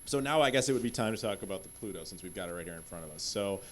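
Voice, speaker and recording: A man's voice: lowish voice, very fast, a little hiss or hum. A man on a convention panel, casually telling a story and animatedly acting out what people said. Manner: animated, acts out quotes of others.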